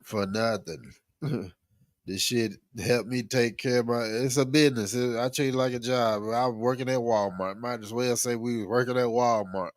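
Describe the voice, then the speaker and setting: A young man co-hosting a podcast in a laid-back way, chuckling and tossing in quick agreeing replies. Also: mid-range voice, steady tone, no room sound. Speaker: podcast co-host. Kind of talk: casual podcast chat.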